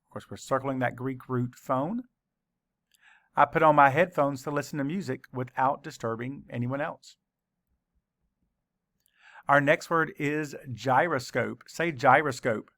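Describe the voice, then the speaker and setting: Slow, gravelly-voiced male teacher. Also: medium pitch, fairly bright tone, no room sound. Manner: slow, deliberate letter-by-letter spelling. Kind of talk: spelling lesson for children.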